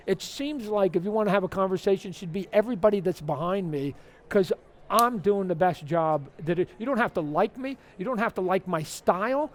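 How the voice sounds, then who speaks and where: A comic artist being interviewed on a toy fair convention floor tells stories in a high, animated voice. He talks fairly quickly and with a lot of energy, acting out the exchanges he quotes.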